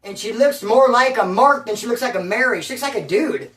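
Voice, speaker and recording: A man's voice: extremely high pitch, expressive, fairly quick, a bit bright, reverberant, recorded from a distance. Rambling man telling a street story. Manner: rambling, profane street slang. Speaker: storyteller recounting his past. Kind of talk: casual storytelling.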